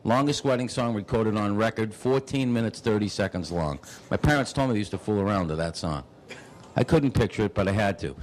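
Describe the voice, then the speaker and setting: A man telling rambling, rapid stand-up stories as a guest comedian. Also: on the low side, animated, poor audio.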